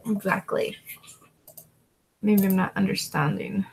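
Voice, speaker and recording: A woman reseller chatting casually with her viewers as she works, drawling along with plenty of fillers. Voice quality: gravelly, creaky. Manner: slow, drawling and relaxed, with frequent fillers; calls to her dogs in a high, coaxing voice. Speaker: online reseller vlogger. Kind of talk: casual chat while working, answering viewers.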